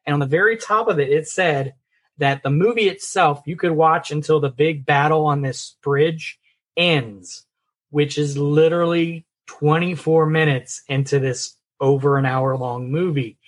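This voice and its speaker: A man's voice: fairly high pitch, a little slow. A man co-hosting a casual movie and TV podcast, chatty and upbeat. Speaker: podcast co-host. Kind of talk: casual chat.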